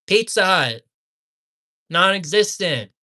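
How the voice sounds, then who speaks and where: A man reviewing fast food in a profane rant, repeating insults and swinging between low muttering and loud yelling. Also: lively intonation.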